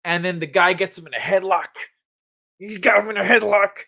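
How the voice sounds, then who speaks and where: Bright-voiced laid-back streaming host. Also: male voice, high-pitched, fairly quick, gravelly. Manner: laid-back, profane, animated storytelling. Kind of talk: casual late-night chat.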